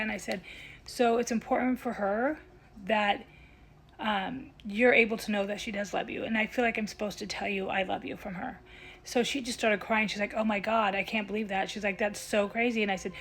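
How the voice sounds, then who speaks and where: A woman speaking as a psychic medium, telling a personal story in a chatty vlog style and often dropping to a hushed tone when she quotes what was said. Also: mid-range voice, a little hiss or hum. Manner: chatty, recounts dialogue, drops to a hushed tone when quoting.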